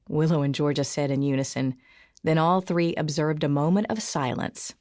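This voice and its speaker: A woman reads an audiobook in a low, dry, close-miked voice. She lifts her pitch for the characters' lines. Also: steady tone, normal speed, a little mellow, no echo. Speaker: audiobook narrator. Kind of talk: scripted audiobook narration.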